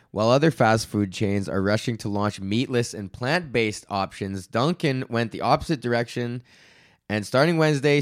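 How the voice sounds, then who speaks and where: A young man rants on his own podcast in a loose, profane ramble, breaking into laughs along the way. His voice sits low and smooth, and he sounds a bit low on energy. The mic is close and dry. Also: dry recording. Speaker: podcast host. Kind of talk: casual solo podcast rant. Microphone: studio podcast mic.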